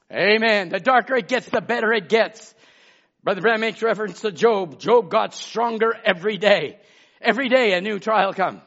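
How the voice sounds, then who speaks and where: High-voiced preacher on a dull lo-fi recording. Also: male voice, moderate pace. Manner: emphatic preaching, swinging between shouts and hushed asides; calls out congregation members by name. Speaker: pastor. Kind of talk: sermon.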